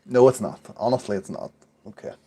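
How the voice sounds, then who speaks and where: A man's voice: mid-range voice, fairly quick, warm tone, slightly rough. A man in his forties, a little tipsy, telling a rambling, sweary story in casual chat. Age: 40s. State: tipsy from drinking beer. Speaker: podcast regular.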